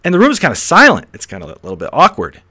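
A man's voice: a little high, huge pitch swings, racing, pushed and bright, husky. A man hosting a philosophy podcast, talking the listener through an imagined scene, chuckling often and repeating words as he thinks aloud. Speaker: podcast host.

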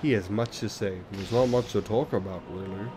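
A man's voice: fairly low pitch, moderate pace, background noise. A man playing a video game and commenting in a rambling, self-deprecating way, swearing often. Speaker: let's play gamer. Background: video game music.

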